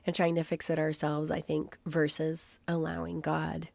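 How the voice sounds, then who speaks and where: A woman with a lowish, creaky voice, talking in an easygoing, chatty way as a podcast co-host. The mic is close and the sound is dry, with faint music under her voice. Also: monotone, no echo. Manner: warm, chatty, quick to agree and laugh. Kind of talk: casual faith conversation.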